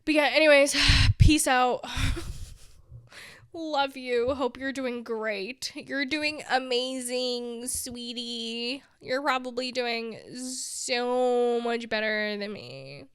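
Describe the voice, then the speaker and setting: A young woman rambles through her own podcast in a casual monologue, laughing at herself while sounding drained and close to tears. Her voice is smooth and clear, pitched slightly high, and she takes her time. The recording is dry, with no room echo. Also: extremely slow. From big city. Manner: rambling, self-deprecating, laughs often. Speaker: podcast host.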